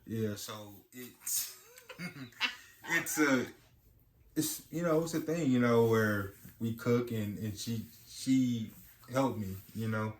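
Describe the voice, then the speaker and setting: Speaking slowly in a mid-range voice, this young adult male podcast co-host rambles through a casual marriage discussion, leaning heavily on "you know." The room is echoey with faint ambience, and there's slight background noise.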